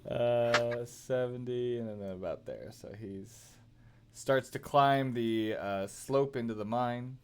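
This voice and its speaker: A man narrating as game master in a tabletop game over voice chat, relaxed and joking as he moves the monsters. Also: mid-range voice, takes it slowly, a little hiss or hum.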